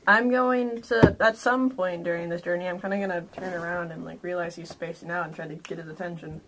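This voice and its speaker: A woman's voice: lowish voice, steady tone, brisk, slight background noise. A woman playing a tabletop game, describing what her character does in a hesitant way, with frequent "like" and "kinda". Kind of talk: casual tabletop role-play chat.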